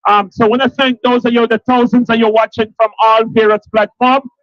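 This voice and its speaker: A man's voice: extremely high pitch, little pitch movement, fairly quick, no echo, muffled recording. A man with a Jamaican accent hosting a live stream from an outdoor street protest, rallying viewers and the crowd. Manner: rallying, repetitive, hypes the crowd. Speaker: livestream host at a protest.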